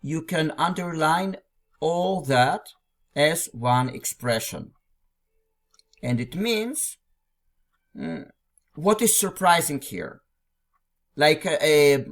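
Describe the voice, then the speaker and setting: A man's voice: on the high side, lively intonation, slow, pauses often. A man teaching a language through a classic text, explaining it line by line. He talks patiently and often repeats phrases or restarts a sentence.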